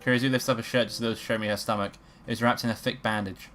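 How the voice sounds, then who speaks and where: A woman's voice: extremely low pitch, steady tone, quick pace, fairly bright tone, a little hiss or hum. A woman streaming a game, reading the story aloud and adding wry, swearing asides. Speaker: let's play streamer. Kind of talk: reading a visual novel aloud with commentary.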